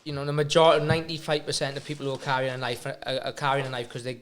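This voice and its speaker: A man speaks quickly at a middle pitch, chatting casually. His tone is relaxed and conversational. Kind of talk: casual chat.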